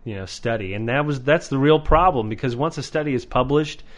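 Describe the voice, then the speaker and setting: A man hosting a podcast in casual chat, animated and sarcastic, swearing freely. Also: mid-range voice, fairly quick. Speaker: podcast host.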